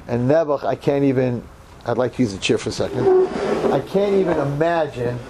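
A man in his sixties from New York telling a story in a sermon, with dramatic swings from hushed murmurs to loud outbursts. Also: mid-range voice, fast, slight background noise. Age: 60s. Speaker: religious teacher.

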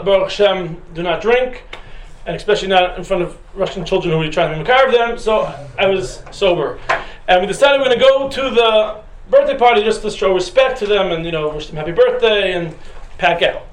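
A man teaching a class who tells a personal story in a casual, humorous, chatty way with fillers. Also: sits high. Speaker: Torah teacher. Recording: roomy echoing room with faint noise.

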